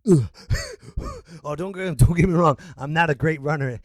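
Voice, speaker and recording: A man hosting a solo podcast rant, swinging between loud outbursts and low muttering and laughing at himself. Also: a little fast, no room sound, clean studio sound. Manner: self-mocking, laughs at himself. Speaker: podcast host.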